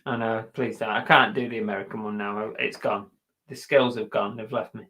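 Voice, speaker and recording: A man's voice: lowish voice, fairly even intonation, a little fast, bright, forceful tone. A British man hosting a casual live stream, chatty and jokey, often poking fun at himself. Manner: chatty, jokey and self-mocking. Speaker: reseller live-streaming host.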